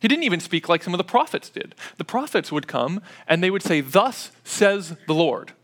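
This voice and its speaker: A man preaching an expository sermon, explaining step by step in a conversational way with frequent pauses and fillers. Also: sits high, very animated, fairly bright tone.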